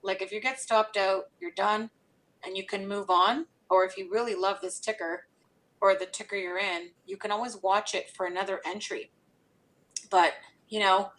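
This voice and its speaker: A woman hosts a trading show and chats about protecting gains. Her speech is loose and full of fillers, at an ordinary pitch for her. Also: a bit bright, poor audio. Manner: chatty, with many fillers like "you know". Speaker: stock trading show host. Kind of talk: casual market commentary.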